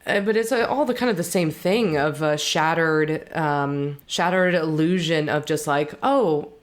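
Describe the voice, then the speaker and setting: A woman co-hosting a podcast, speaking reflectively and haltingly about a personal experience. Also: low voice. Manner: reflective, halting, with many restarts. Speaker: podcast co-host. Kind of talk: candid personal conversation.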